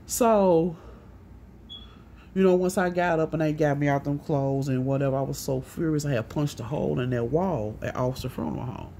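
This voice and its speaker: A woman telling a rambling personal story in a casual monologue, profane and animated, often acting out what others said. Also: deep voice, normal speed, a little hiss or hum.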